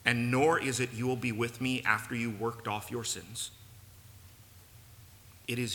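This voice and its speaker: A man's voice: medium pitch, fairly even intonation, a little slow, pauses often, sharp tone. A man preaching a sermon in a church, earnest and building to emphatic peaks. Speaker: pastor. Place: church sanctuary. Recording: long reverb, faint room noise.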